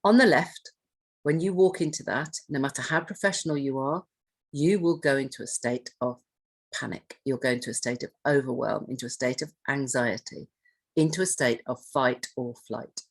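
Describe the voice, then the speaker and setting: A woman's voice: a bass voice, moderate pace, slightly rough. A woman giving a conversational training presentation, asking her audience questions and restarting her phrases as she goes. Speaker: trainer on hoarding and self-neglect.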